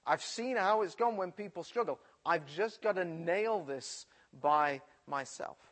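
A man's voice: high voice, measured pace. A man from the English Midlands with a Midlands accent, preaching and telling a personal story from his school days. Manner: storytelling, animated retelling.

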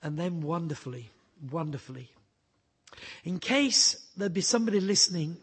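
Husky, high-pitched preacher. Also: male voice, animated, moderate pace. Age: adult. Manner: earnest storytelling, rising to fervent emphasis. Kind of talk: sermon.

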